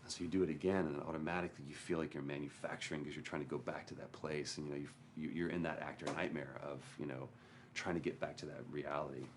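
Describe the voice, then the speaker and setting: A man's voice: rumbling low, slight background noise. A man speaking as an actor, candidly and with self-mockery, as he recalls a hard shoot. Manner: candid, storytelling, self-mocking. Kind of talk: documentary interview.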